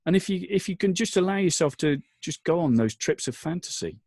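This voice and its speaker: A man's voice: a little high, lively intonation, a little fast, darkish tone, dry recording, clean studio sound. A man, a father, talking as a podcast guest, earnest and rambling with lots of restarts, emotional at times. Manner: emotional, choking up. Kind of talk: casual interview chat.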